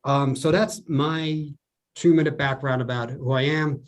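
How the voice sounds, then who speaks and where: A man's voice: on the high side, steady tone, measured pace. A man with a New Jersey accent, a guest chatting casually and explaining his background on a podcast.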